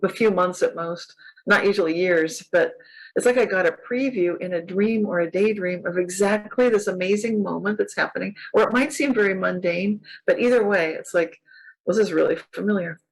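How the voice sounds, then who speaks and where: A woman's voice: medium pitch, moderate pace, vocal fry, rough recording. A woman author from California chatting as an interview guest, enthusiastic and spiritual, often laughing. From California, USA. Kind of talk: casual interview chat.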